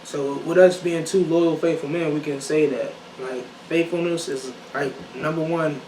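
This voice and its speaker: High-voiced playful young man in an echoey room. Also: fairly even intonation, normal speed, a little mellow, recorded from a distance. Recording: echoey room, mic set back, faint hiss.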